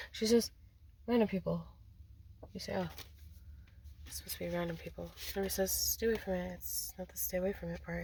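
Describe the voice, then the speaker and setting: A woman's voice: on the low side, vocal fry, slight background noise. A woman giving an intuitive card reading in a rambling, repetitive way, often speaking quoted messages aloud. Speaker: spiritual card reader.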